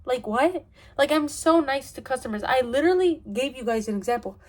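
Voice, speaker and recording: A woman's voice: high voice, animated, fairly quick, a little mellow. Rambling nasal young woman vlogging. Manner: rambling, chatty, full of "like" and tangents. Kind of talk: casual rant to camera. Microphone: phone camera.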